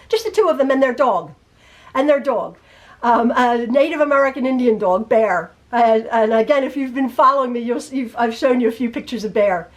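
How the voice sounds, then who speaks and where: A woman's voice: fairly high pitch, animated, moderate pace. A middle-aged woman teaching quilting from her home sewing room, chatting casually and stammering and repeating herself as she goes. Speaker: quilting teacher and channel host. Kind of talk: rambling casual chat and sewing tutorial.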